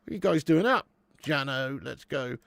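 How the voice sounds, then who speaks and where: An animated man with a mid-range, gravelly yet fairly bright voice talks at a moderate pace, captured at studio quality with no room sound. In his late thirties, he hosts a live football watch-along, bantering casually, swearing, and calling viewers "mate" and "lad".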